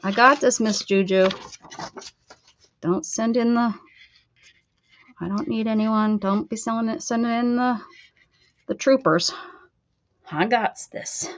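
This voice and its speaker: A woman's voice: on the high side, fairly even intonation, slow, long pauses, highs cut off. A woman hosting a casual crafting livestream, playful and chatty, talking to her viewers as she works. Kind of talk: casual live crafting chat.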